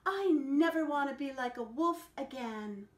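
A woman's voice: fairly high pitch, very animated, takes it slowly. A woman voicing a young male pet dog who longs to be wild, in a storybook read-aloud, eager and wistful. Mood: panicked. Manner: eager, wistful, breathless when scared. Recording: echoey room.

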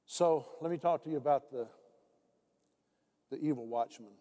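An older man preaching a sermon to a church congregation, dropping his voice low when he tells stories. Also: moderate pace, dark tone. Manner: storytelling preacher, voice drops low for quoted speech. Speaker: pastor. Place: church sanctuary.

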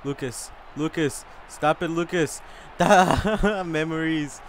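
Hyped guy swearing over a soccer video game, bright voice, jumps all over. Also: a little high, moderate pace, a little hiss or hum. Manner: excitable, yelling and cursing a lot. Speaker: gaming channel host.

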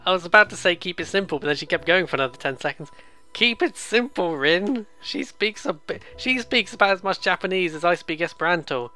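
A bright, forceful voice at a middle pitch, chatting casually over a game. The host laughs often and mocks themselves in quick asides. Faint game music sits underneath. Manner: giggly, self-deprecating, quick asides. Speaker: let's play host.

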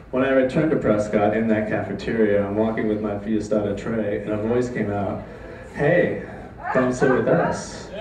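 A man telling a comic true story on a live stage, with a deadpan, mock-dramatic delivery. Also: lowish voice, noisy background. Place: live stage before an audience. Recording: echoey room, distant mic, faint ambience.

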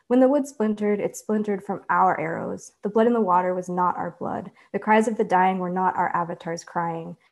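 A woman author reading her own fiction aloud in a measured, deliberate way. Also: lowish voice. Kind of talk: literary reading.

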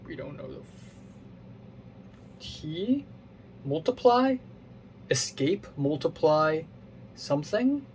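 Guy mumbling thru a puzzle game, kinda higher voice, a bit of hiss behind him. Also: very animated, slow, pauses often. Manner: muttering to himself, puzzling, self-mocking. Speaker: gaming channel host. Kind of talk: playing a puzzle game while thinking aloud.

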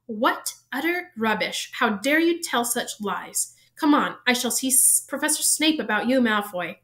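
A woman's voice: on the high side, expressive, unhurried. Woman playing a stern scolding old teacher. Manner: sharp, scolding. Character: stern older female teacher, strict and outraged.

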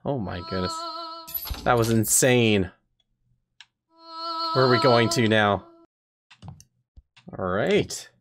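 A man hosting a let's play, reacting to the game aloud in an excitable, exclaiming, self-mocking way. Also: lowish voice, takes it slowly, pauses often. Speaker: gaming channel host. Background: game music.

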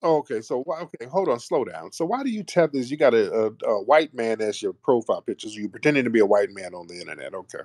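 A man's voice: medium pitch, big pitch swings, fast, few pauses, darkish tone, dry recording. A man hosting a live call-in stream, talking in a brash, mocking way with blunt slang. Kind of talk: casual live call-in banter.

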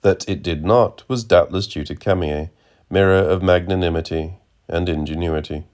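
A man narrating a literary novel as an audiobook in a measured, dry way. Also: low-pitched, darkish tone.

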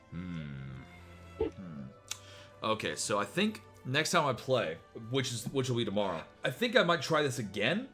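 A man giving casual gameplay commentary, excitable and jokey, with sudden swearing outbursts. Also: medium pitch. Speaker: gameplay streamer.

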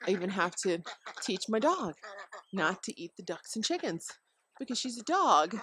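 A woman's voice: medium pitch, big pitch swings, normal speed, noisy background. A woman giving casual parenting advice to the camera outdoors, rambling with many fillers and frequent chuckles. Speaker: homeschooling parent vlogger. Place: outdoors at home by a deck with chickens.

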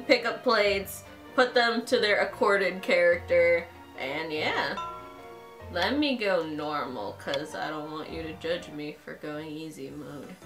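A young woman narrates a dating-game playthrough in a casual, swinging voice that jumps all over her pitch range. She is excitable and crude, swears freely, and loud game music plays in the background. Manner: excitable, crude, profane fangirling. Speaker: gaming channel host. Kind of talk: casual let's-play commentary.

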